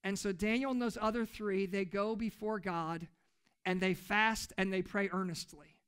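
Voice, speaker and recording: Male pastor with a forceful, bright voice; emphatic storyteller preaching to his congregation. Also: high voice, fairly even intonation, moderate pace, smooth. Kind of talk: sermon. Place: church service.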